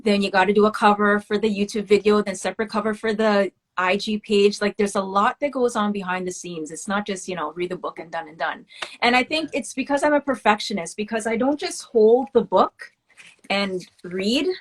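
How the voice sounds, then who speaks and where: A woman of West Indian heritage talks openly in a relaxed interview, her voice sitting at an ordinary middle pitch. She tells stories in an animated way, with candid asides. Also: a little fast. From West Indian family. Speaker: guest, children's book author. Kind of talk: casual interview talk.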